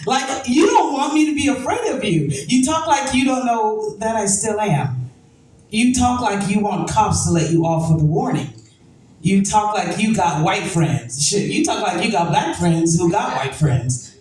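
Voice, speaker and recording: A woman's voice: medium pitch, lively intonation, unhurried, a little mellow, recorded from a distance. A woman performing spoken word poetry with a rhythmic, emphatic delivery and repeated refrains. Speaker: poet. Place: event venue, roomy. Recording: echoey room from afar, faint noise.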